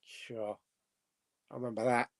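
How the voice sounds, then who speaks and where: A man's voice: mid-range voice, little pitch movement, a little slow. A man hosting a casual live chat, reading out viewer comments and musing aloud, laughing to himself as he goes. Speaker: host.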